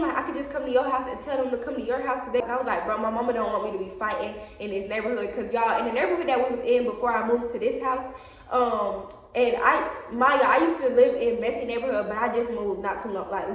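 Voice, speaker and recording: Young woman vlogger, animated storytelling; higher voice, recorded far off in a very echoey room. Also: a little hiss or hum. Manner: animated, chatty, addresses viewers as y'all, acts out quotes. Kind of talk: casual storytime.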